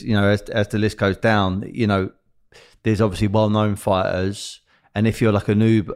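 Low-voiced podcast host asking rambling questions. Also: male voice, darkish tone. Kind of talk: casual podcast interview.

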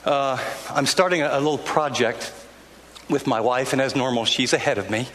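A man's voice: medium pitch, moderate pace, a bit bright, slight background noise. An older man, a pastor, preaching a sermon in a church in an earnest, conversational way, often restarting his sentences. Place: church sanctuary. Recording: long hall reverb, faint ambience.

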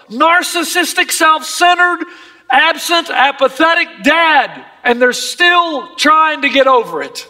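A man's voice: very high voice, sharp tone, in a large hall. A man preaching a sermon as pastor, emphatic and impassioned.

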